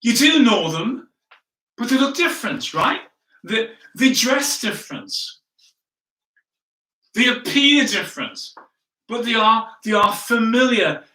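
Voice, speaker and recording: This pastor's very high, bright, forceful voice is very animated yet slow, with long pauses, as he preaches. His sermon story is chatty and self-mocking, full of "right?" asides, recorded distantly in an echoing room.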